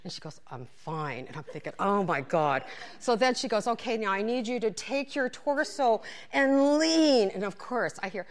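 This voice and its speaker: A woman's voice: medium pitch, normal speed. A woman telling a funny personal story, acting out what everyone said, dropping to whispers and breaking into laughter. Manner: animated, acts out quotes, whispers asides, laughs while telling.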